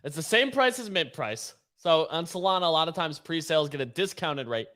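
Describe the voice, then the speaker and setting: A man co-hosting a podcast, clearly explaining sale details in a casual tone. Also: a little high, lively intonation, brisk, pushed and bright. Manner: clear, matter-of-fact explaining. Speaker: podcast co-host.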